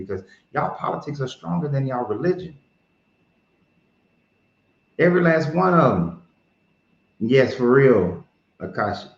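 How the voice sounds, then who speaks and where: A man hosting his own show, giving blunt, profane, heated commentary in a casual tone. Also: medium pitch. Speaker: podcast host. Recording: roomy, dull lo-fi sound.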